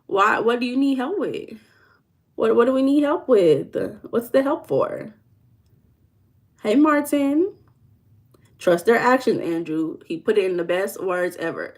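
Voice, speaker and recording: A woman's voice: on the high side, lively intonation. A woman with a Southern US accent hosting a casual livestream as a life coach. She reads viewers' comments aloud and teases them playfully, drawing words out for emphasis. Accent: Southern US dialect. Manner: playful, teasing, drawls and slows for emphasis.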